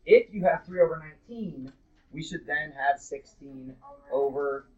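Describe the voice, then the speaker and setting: A man's voice: on the high side, a little slow, a little mellow. A man teaching a math class live in a classroom. He talks casually and bluntly, with jokes for his students. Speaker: middle school math teacher. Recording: dull lo-fi classroom recording.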